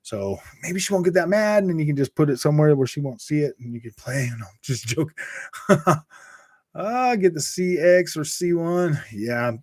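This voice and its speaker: A laid-back young man talks through a live gaming stream, rambling from one point to the next and chuckling as he answers viewers. His voice sits a little high for a man, and the sound is dry and close with no room around it. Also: animated, moderate pace, hardly any pauses, a little mellow, no room sound. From Utah. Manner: rambling, laughs often, says dude and bro a lot. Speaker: gaming channel host reading live chat. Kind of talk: casual livestream chat.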